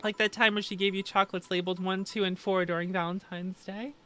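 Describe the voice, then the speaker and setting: A woman's voice: medium pitch, level tone, fast, pushed and bright, lightly acted. Woman doing a tired sardonic bartender, blunt, cusses when annoyed. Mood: wistful. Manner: blunt, swears when upset.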